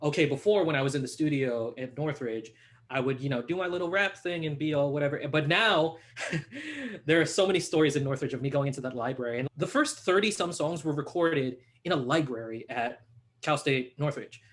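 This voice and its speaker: A young man chatting as a podcast guest, animated and laughing, acting out quotes as he tells stories. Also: a little high, fairly quick. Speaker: podcast guest, hip hop artist. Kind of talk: casual conversation.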